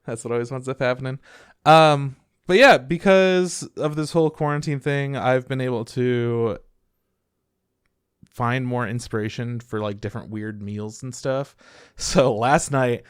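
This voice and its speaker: A man's voice: mid-range voice, a little slow, clean tone, no echo, studio quality. A man co-hosting a podcast in casual chat, laid-back, swearing freely and laughing often. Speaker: podcast co-host.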